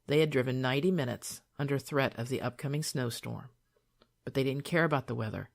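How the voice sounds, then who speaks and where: An older woman reading her own memoir aloud in a calm, soothing, measured way. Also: very deep voice, gravelly.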